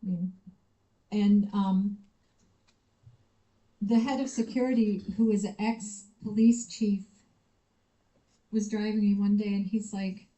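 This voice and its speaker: An American woman, a visiting researcher, gives a university conference talk full of personal anecdotes, telling them with liveliness and acting out the quoted dialogue. Her medium-pitched voice is slow with frequent pauses, and the recording is rough.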